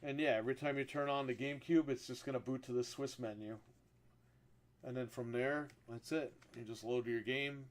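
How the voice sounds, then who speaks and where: A male live streamer talks loosely to his chat in a voice that sits at an ordinary middle pitch. He rambles and curses freely. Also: normal speed. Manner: profane, rambling and animated when telling stories.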